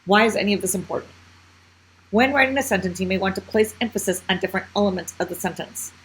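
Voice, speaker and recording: A woman's voice: medium pitch, fast talker, slightly rough, poor audio. A woman teacher explaining a grammar lesson step by step, often checking in with the class.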